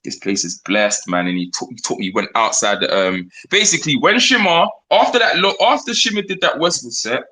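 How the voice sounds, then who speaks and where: A man's voice: a little high, big pitch swings, bright, forceful tone. A man with a London accent, a grime MC telling stories in a casual interview, slangy and quoting conversations. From England. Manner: slangy, quick, retells talks in quoted bits. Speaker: grime MC guest.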